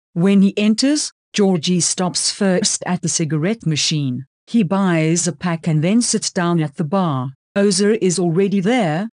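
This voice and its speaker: A woman reads a novel aloud in scripted audiobook narration, measured and even. Her voice sits low and the recording is dry and close, with no room sound. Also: no room sound.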